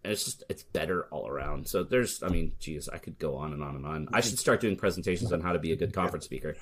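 A man's voice: a bass voice, fast, a little hiss or hum. An American man being interviewed on a casual podcast, telling stories in a candid, joking way and playing up sarcastic asides. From United States. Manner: candid, storytelling, swears, jokes sarcastically. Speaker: podcast guest, search marketer.

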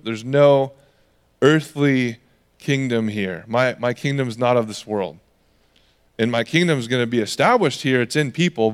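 A man preaching a conversational sermon as pastor, animated and lively, slipping into the voices of the people he quotes. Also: medium pitch, smooth.

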